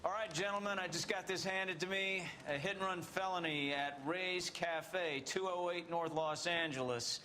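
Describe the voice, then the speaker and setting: A brisk 1940s police captain hands out a case briefing in a bright, tense, slightly higher voice. Faint ambient noise hangs behind him. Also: male voice, fairly even intonation. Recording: game audio with ambient noise.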